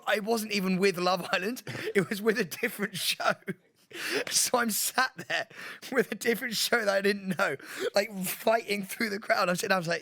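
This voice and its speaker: A high-voiced man co-hosting a casual podcast. He is an animated storyteller who laughs often and acts out the quotes. His tone is bright and forceful. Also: normal speed, gravelly, no echo, studio quality. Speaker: podcast co-host.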